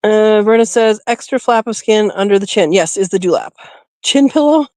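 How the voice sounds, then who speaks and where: A woman speaks briskly in a medium-pitched, darkish voice with no room sound. As host of a homesteading livestream filmed on a phone, she stands outdoors by a rabbit hutch, chatting casually, sweet-talking her rabbit with coos and laughing frequently.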